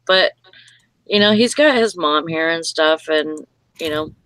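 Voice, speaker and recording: Bright-voiced woman chatting. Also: low voice, a little slow, no room sound, poor audio. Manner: rambling storytelling with fillers. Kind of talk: casual chat.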